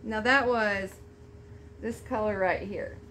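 A woman vlogger chatting to camera at home while unboxing a gift, gushing and excitable. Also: medium pitch, slow pace, a little hiss or hum. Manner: gushing, excitable, Southern-style "y'all". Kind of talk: casual chat to camera.

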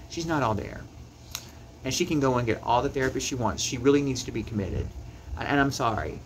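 Male YouTuber, heated to-camera rant, passionate and repetitive, medium pitch. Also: a little fast, slight background noise, poor audio. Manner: heated, emphatic, repeats words when worked up.

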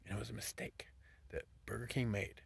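A man vlogging a casual, profane monologue, swinging between loud rants and hushed whispers. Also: fairly low pitch, a little fast, gravelly, husky.

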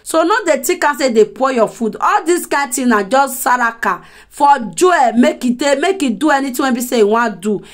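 A Nigerian woman telling gossip to her viewers in a lively, talkative way, laughing now and then. Her voice sits a little high. She sounds casual and direct, as if chatting with friends. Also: moderate pace. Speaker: gossip commentator.

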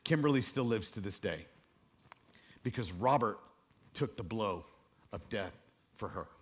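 A man preaching a sermon to a room, dropping to a hush and then rising loud and high. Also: expressive, unhurried, husky. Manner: dramatic swings between hushed and loud, preaching to a room. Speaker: pastor.

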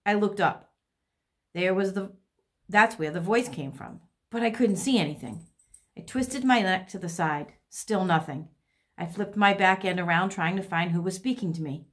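A woman's voice: fairly low pitch, normal speed. Woman teacher reading a chapter book aloud. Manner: expressive storytelling. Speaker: second grade teacher.

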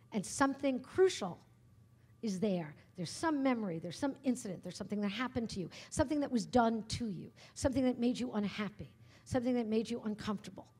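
Woman lecturer, husky, fairly high voice, chatty storytelling, talk to an audience. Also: a little mellow. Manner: conversational storytelling with asides and tag questions. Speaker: humorist giving a public talk. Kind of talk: lively lecture to a live audience. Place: lecture hall at a writers' workshop.

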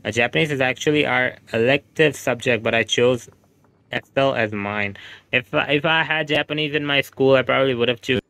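A man's voice: mid-range voice, a little fast, creaky, sharp tone, clean tone, no echo. Chatty man streaming games. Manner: chatty, rambling, reassuring toward chat. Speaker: game livestreamer. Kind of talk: casual livestream chat, answering viewer comments.

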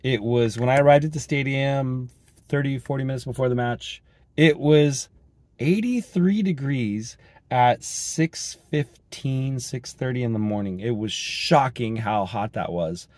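A hoarse, raspy man from Colorado, chatting in a rambling, upbeat way with lots of ums while he drives. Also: medium pitch, measured pace, dry recording. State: hoarse from a cold. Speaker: vlogger and soccer referee. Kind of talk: casual driving vlog. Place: inside a moving car. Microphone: dash-mounted action camera. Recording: loud road and car noise.

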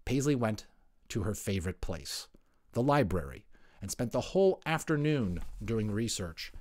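A man's voice: on the low side, darkish tone, dry recording, clean studio sound. A man narrating a children's picture book aloud, adding chatty asides. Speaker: voice actor narrator.

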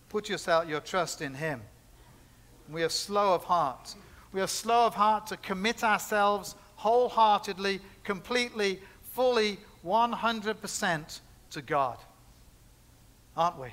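A man's voice: high-pitched, sharp tone. A man pastor preaching a conversational sermon in a church, building points through repetition and chatty asides. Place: church sanctuary.

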